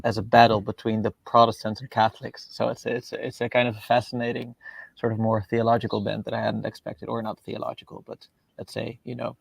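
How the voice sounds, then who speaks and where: A man's voice: fairly low pitch, monotone, a little fast, creaky, breathy edge, no echo. A man co-hosting a livestream, asking questions and chatting casually. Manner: inquisitive, frequent listener replies. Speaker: livestream co-host. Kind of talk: casual chat.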